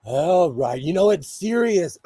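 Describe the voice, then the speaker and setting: A middle-aged man from Pennsylvania hosting a casual sewing livestream, chatting to viewers and laughing often, slightly hoarse and under the weather. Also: sits high, animated, takes it slowly, warm tone, no room sound. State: slightly hoarse, feeling unwell. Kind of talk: casual live-chat while sewing.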